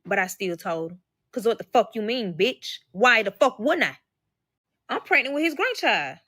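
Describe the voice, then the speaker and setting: A woman with a bright, forward voice tells a personal story to her live audience, swearing freely and calling them y'all. She slips into the voices of the people in her tale as she goes. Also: fairly high pitch, big pitch swings, moderate pace, dry recording. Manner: profane, emphatic, addresses listeners as y'all; acts out quoted voices. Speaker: storyteller recounting a personal experience.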